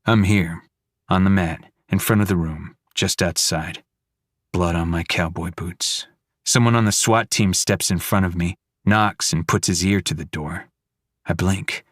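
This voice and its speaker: A man narrates a horror audiobook in a low voice and short, hushed fragments. He takes his time, letting each phrase land slowly. The recording is dry and close, with no room sound. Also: no room sound.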